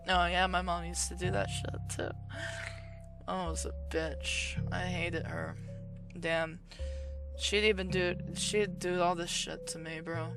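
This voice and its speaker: A woman's voice: on the low side, level tone, a little slow, fairly bright tone, soft background music. A woman playing a story game who reads its narration aloud and drops blunt, swearing, muttered asides. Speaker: game player. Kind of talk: casual gameplay commentary and reading narration.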